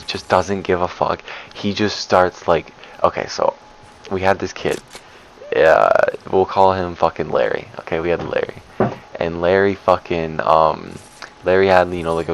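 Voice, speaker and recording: Deep gravelly young man rambling. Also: slight background noise, poor audio. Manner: rambling, profane, lots of fillers. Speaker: storyteller vlogger. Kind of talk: casual storytime.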